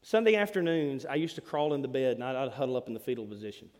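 A man preaching a sermon as a church pastor, animated and self-deprecating. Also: medium pitch, fast talker. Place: church sanctuary. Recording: long reverb of a church hall.

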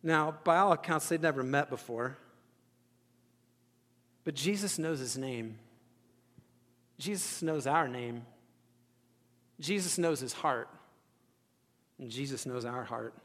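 A man's voice: mid-range voice, slow, pauses often, a bit bright. Man preaching in a reverberant hall. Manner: conversational, self-deprecating, acts out characters' thoughts. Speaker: pastor. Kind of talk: sermon.

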